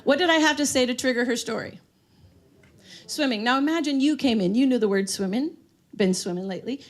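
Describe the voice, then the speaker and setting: A woman's voice: high voice, a little mellow. A woman giving a live seminar talk on dementia care, telling stories and asking the room questions. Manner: storytelling, asks the audience questions. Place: room with an audience.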